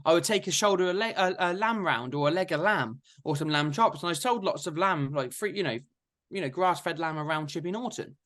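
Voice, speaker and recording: A young man, telling his story in a lively, chatty interview. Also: fairly high pitch, brisk. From England. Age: 20s. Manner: chatty, energetic anecdotes with frequent "so therefore". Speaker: guest farmer.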